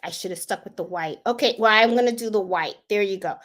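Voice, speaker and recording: A woman hosting a live embroidery tutorial, chatting casually and thinking aloud as she clicks through design software. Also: mid-range voice, fast. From Puerto Rico. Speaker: sewing and embroidery channel host.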